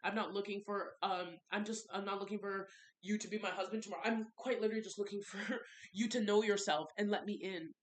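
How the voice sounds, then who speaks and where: A woman's voice: medium pitch, fairly even intonation, fast talker. A young woman vlogging a candid, frustrated story about her relationship, ranting and repeating herself for emphasis. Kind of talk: confessional storytime vlog.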